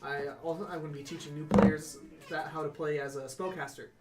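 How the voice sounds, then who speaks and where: A man's voice: fairly high pitch, steady tone, fairly quick, recorded from a distance, heavy background noise. A man playing in a tabletop game, stammering and hesitant, in a game store. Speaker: player. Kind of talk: casual tabletop play.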